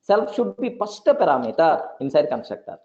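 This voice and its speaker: Programming teacher, male, high and animated pitch, repeats himself, keeps checking that students follow, lo-fi recording. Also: moderate pace. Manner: repeats points, checks for understanding often. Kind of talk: classroom lecture. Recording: dull lo-fi recording.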